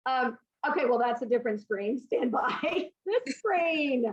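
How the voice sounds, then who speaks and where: A woman's voice: high voice, expressive, a little slow, highs cut off. A woman hosting an online business call, gushing and laughing often as she shares her screen. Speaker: host.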